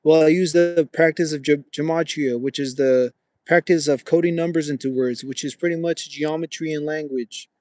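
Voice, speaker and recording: A young man hosts a casual livestream on foot, walking with a gimbal and talking to his chat viewers, whom he keeps calling "bro." His voice sits on the high side with fairly even intonation and a darkish tone, delivered at normal speed. The recording is studio quality with no echo.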